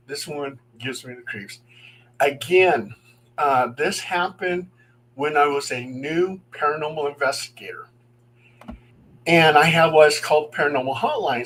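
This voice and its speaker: A middle-aged paranormal investigator, appearing as a guest storyteller on a live stream, tells true ghost stories with gusto in a voice a little high for a man. He animatedly acts out the voices of people in his tales and chuckles now and then. The recording is rough, with a faint hum underneath.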